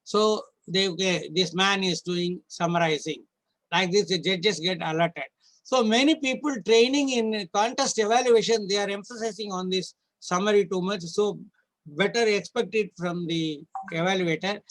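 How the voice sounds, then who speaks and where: A man with a rather high voice leads a training session for judges. He works through slides one point at a time, instructive and a little halting, with frequent restarts. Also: a bit bright, rough recording. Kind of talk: online training lecture.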